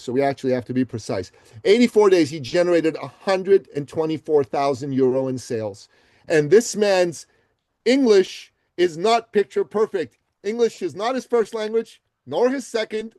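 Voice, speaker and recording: A man from Iran, a podcast guest, telling success stories with animated, emphatic delivery. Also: a little high, no echo. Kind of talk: energetic storytelling interview answers.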